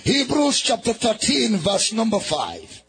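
A man preaching a shouted call-and-response sermon, singing out phrases and having the congregation repeat after him. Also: high voice, huge pitch swings, a little slow, gravelly, music in the background.

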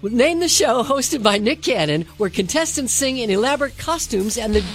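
A woman co-hosting a radio show, reading quiz questions quickly and clearly. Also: a little high, lively intonation, soft background music.

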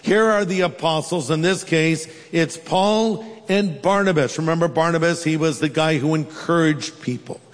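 A man's voice: fairly high pitch, moderate pace, few pauses, long reverb tail. A man preaching a sermon as pastor, telling stories with humorous asides.

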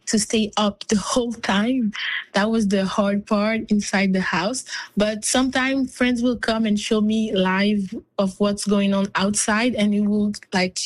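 A tired woman speaks as an interview guest at an average pitch. Her phrasing is earnest and halting, and she laughs lightly between her thoughts. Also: rough recording. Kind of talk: interview answers.

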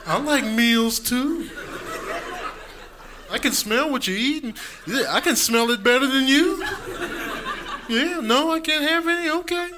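A man's voice: extremely high pitch, measured pace, long pauses, noisy background, voice pushed up. A man doing a whiny begging dog. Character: pleading hungry dog, small and pitiful.

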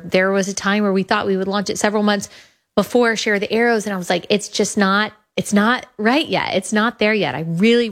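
Earnest woman podcast host, slightly low voice. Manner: earnest, enthusiastic, repeats words for emphasis. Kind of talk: casual monologue about her app.

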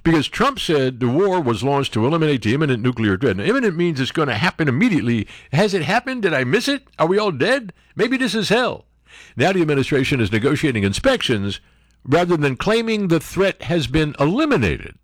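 A man's voice: on the high side, sing-song, a little fast, no room sound, clean studio sound. Sarcastic older man mocking the news. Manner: mocking, acts out silly voices for quoted people. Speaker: political commentary host.

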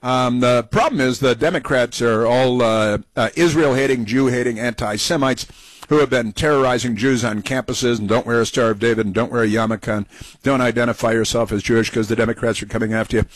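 A middle-aged man hosts an opinionated talk radio show. He jabs in sarcastic, scornful asides, and his voice sits at a middle pitch. The sound is dry and close, with no room around it. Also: fairly even intonation, brisk, no echo, poor audio.

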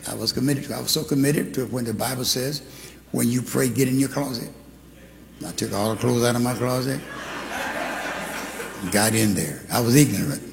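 A man preaching a sermon, telling his testimony with animated storytelling that rises into fervent preaching. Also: mid-range voice, normal speed, creaky, pauses often. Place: church sanctuary. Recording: long hall reverb.

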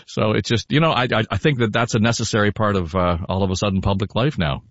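A man hosting a casual political podcast in a chatty, relaxed way. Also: on the low side, quick pace, dry recording. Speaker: podcast host. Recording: dull, dry.

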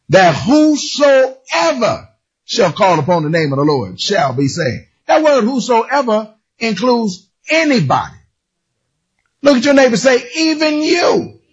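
A man preaching a lively sermon, telling a story in character and calling out to his congregation. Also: high-pitched, husky, dull audio. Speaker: pastor.

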